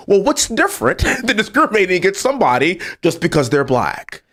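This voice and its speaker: Brief: man, political guest, emphatic, lively pitch. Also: brisk. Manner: emphatic, animated storytelling. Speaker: congressman guest. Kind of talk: political talk show discussion.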